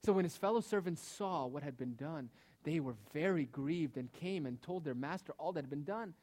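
A man delivers a sermon with a somewhat high voice. He presses his points with rhetorical questions and emphasis, and his phrases often fade off quietly. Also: animated, moderate pace. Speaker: preacher.

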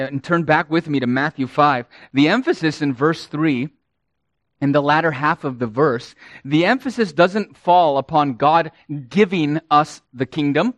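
Slow, emphatic male preacher. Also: fairly high pitch, no room sound. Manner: slow, emphatic preaching with swells and drops in volume. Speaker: pastor. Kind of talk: sermon.

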